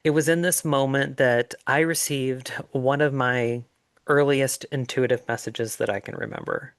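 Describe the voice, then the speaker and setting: A middle-aged man telling his own story in an earnest, reflective way, with pauses and fillers. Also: medium pitch, fairly even intonation, dry recording, clean studio sound. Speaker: life coach sharing his story. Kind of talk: personal storytelling monologue.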